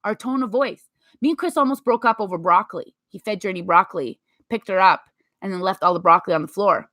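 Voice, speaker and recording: A woman in her thirties giving emphatic, animated motivational talk to her viewers, acting out little quotes as she goes. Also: medium pitch, quick pace, dry recording. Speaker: vlogger.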